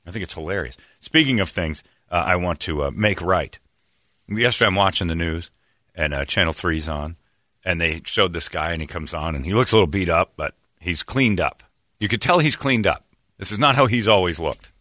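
A man chatting on talk radio, spinning a story with lots of energy and loud acted-out quotes. His voice is bright and forceful. The sound is dry and close to the mic. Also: deep voice, a little fast, no room sound. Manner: animated storyteller, acts out quotes loudly. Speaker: radio show host.

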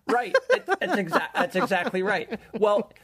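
A man's voice: high-pitched, sing-song, moderate pace, a bit bright, slightly rough. A man hosting a chatty show, talking enthusiastically and laughing easily. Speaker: show host, reviewer. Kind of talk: casual chat.

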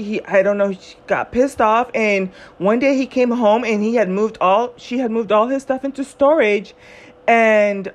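A young woman with a somewhat high voice hosts a casual solo podcast. She tells a personal story in a loose, chatty way and jumps into lively quoted voices as she goes. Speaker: podcast host.

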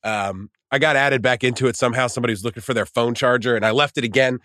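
A man tells meandering stories in an easygoing podcast chat, dropping curse words along the way. His voice sits in an ordinary middle pitch. The sound is close and dry. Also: steady tone, fast talker, pushed and bright, dry recording. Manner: rambling storyteller, swearing freely. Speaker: podcast co-host. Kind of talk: casual chat.

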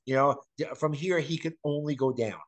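A man's voice: a little high, moderate pace. A middle-aged man hosting a podcast, talking bluntly and emphatically, repeating his points and swearing casually. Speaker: podcast host. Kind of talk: casual chat.

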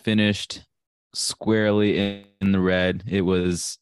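A man's voice: deep voice, little pitch movement, a little slow, smooth, no echo. A man running the betting segment of a casual sports podcast, wry and self-deprecating.

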